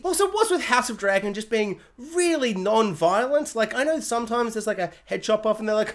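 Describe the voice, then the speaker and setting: A woman's voice: fairly high pitch, expressive, brisk, few pauses. A woman reviewing a TV episode in a loose, ranting vlog style. She sounds baffled and exasperated, with sarcastic asides. She keeps switching into mocking voices for the characters and writers before dropping back to her plain voice. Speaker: TV review vlogger. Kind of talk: casual spoiler-review rant.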